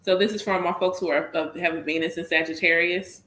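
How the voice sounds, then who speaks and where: Woman, Southern accent, casual livestream reader, rambling and repetitive, lowish voice, echoey room. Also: fairly even intonation, fairly quick, a bit bright. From Southern United States. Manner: chatty, repeats herself, calls listeners y'all. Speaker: astrology and spiritual reader. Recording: roomy echo.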